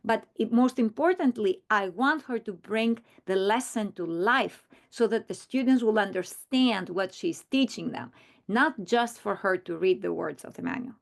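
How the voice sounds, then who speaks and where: A woman walks fellow teachers through a training session, earnest and explanatory as she doubles back to restart her sentences. Her voice carries a gravelly fry at a middle pitch. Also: animated, normal speed. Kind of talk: recorded training presentation.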